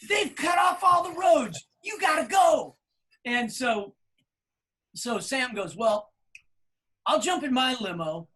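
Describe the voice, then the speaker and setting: Animated storytelling man, podcast co-host. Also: sits high. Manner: animated storyteller, acts out quoted people loudly. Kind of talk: casual storytelling.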